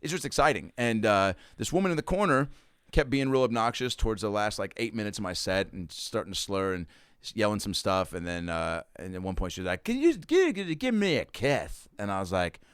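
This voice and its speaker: A man's voice: fairly low pitch, fairly quick, a bit bright, clean tone, no echo, clean studio sound. A man telling a stand-up comedy story in casual chat, acting out the quotes with big jumps in his voice. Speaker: comedian guest.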